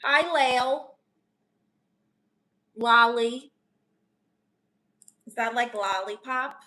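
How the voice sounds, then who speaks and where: A woman's voice: a little high, drawn-out words, pushed and bright, heavily acted. A woman playing a brash, teasing aunt who calls herself a therapist, chatting with her audience and calling them honey. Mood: sassy. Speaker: live-stream comedian answering chat. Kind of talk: improvised live-stream character comedy.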